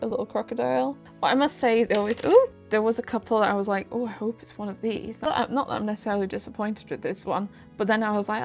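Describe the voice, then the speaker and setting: A young woman, chatting casually through a shopping haul, rambling and poking fun at herself. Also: medium pitch. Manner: chatty, self-deprecating, rambling asides. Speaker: vlogger.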